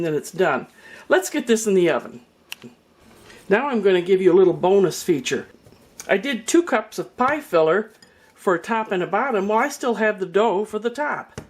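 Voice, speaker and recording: A woman's voice: mid-range voice, a little mellow. An older woman giving a chatty, folksy cooking demonstration in her home kitchen, with storytelling asides. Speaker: home cook.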